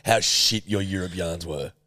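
A man's voice: sits low, moderate pace, sharp tone, a little hiss or hum. A young man co-hosting a podcast while hungover, dry and mocking, swearing freely in casual banter. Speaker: podcast co-host.

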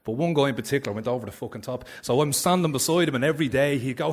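A man with a Dublin accent telling a personal story on stage at a live story slam, animated and frank, swearing freely. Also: medium pitch, very fast, hardly any pauses.

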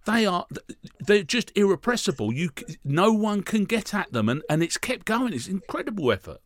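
A man's voice: sits high, very animated, moderate pace. A man co-hosting a casual football chat, speaking with enthusiastic praise. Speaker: podcast co-host.

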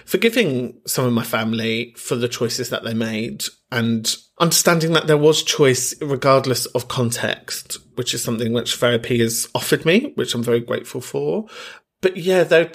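With a mid-range, fairly bright voice, this podcast host answers callers in a candid, camp manner, quick to break into laughter during the casual chat.

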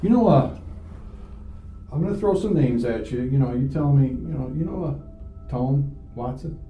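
A man's voice: mid-range voice, normal speed, soft background music. Man questioning on a muffled, echoey tape. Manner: probing, repeats questions. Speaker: police detective. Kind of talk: recorded police interview.

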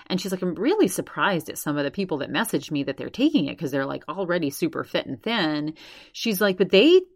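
A woman's voice: lowish voice, sing-song, brisk, dry recording, clean studio sound. A woman podcast host casually recapping another show, constantly quoting with "she's like". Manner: retells others' words with constant "she's like".

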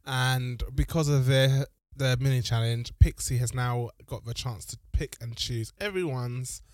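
A man's voice: mid-range voice, a little slow, a little mellow, dry recording. Man, podcast co-host, mid-range voice, dry teasing humor, close dry mic. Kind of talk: casual recap chat.

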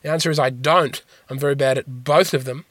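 A man hosting a podcast, answering listener questions in a dry, rambling, deadpan comic monologue. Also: mid-range voice, fairly quick, dry recording. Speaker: podcast host.

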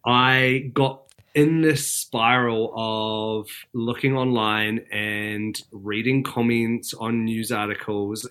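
A man's voice: lowish voice, a bit bright. A man with a New Zealand accent, a TV weather presenter guesting on a podcast, telling candid stories in a casual chat. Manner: chatty, candid storytelling.

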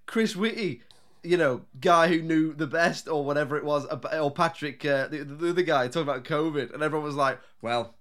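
A man co-hosts a casual film podcast, talking in a voice pitched a little high. He is animated, laughs often and mimics people he mocks. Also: a little fast. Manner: animated, laughing, does mocking impressions. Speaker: podcast co-host.

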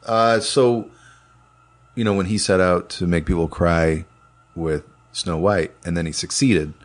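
A man with a fairly low voice chats casually about animated films, swearing freely and tripping over his own restarts. His delivery is loose and enthusiastic. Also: a little slow. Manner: profane, enthusiastic, rambling with restarts. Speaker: animation producer, podcast co-host. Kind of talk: casual chat.

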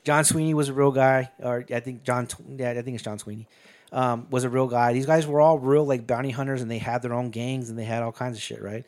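A man's voice: mid-range voice, steady tone, a little fast, a little mellow. A man in casual chat, retelling a movie scene by scene and acting out the characters' lines with profanity.

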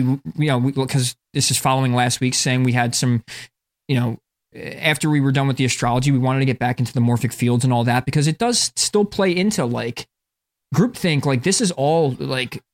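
A man from northern New Jersey with a mid-range voice co-hosts a podcast in casual chat. He rambles, saying "like" a lot, restarting sentences and swearing.

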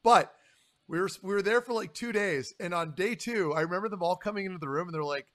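A man's voice: sits high, fairly quick, fairly bright tone. A former hockey player co-hosting a podcast, a man chatting casually in an easygoing, joking way. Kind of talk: casual chat.

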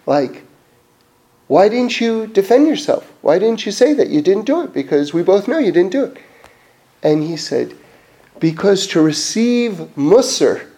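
Guy telling stories, kind of high voice but warm and mellow, laughs a lot, keeps restarting. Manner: animated, laughs often, restarts sentences. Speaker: storyteller sharing Torah teachings. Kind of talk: casual storytelling talk.

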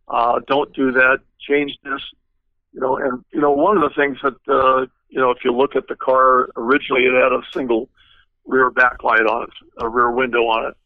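Gravelly older man telling anecdotes. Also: mid-range voice, a little fast, dry recording, phone-quality sound. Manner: rambling anecdotes with many fillers. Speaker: guest car designer. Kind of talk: storytelling interview.

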